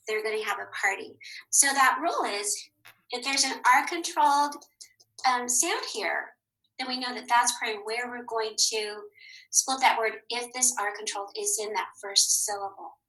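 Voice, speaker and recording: Lady teacher doing a kids phonics lesson, bright higher voice, patient, says words twice. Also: rough recording. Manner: clear, patient, sing-song; says each word twice, second time higher.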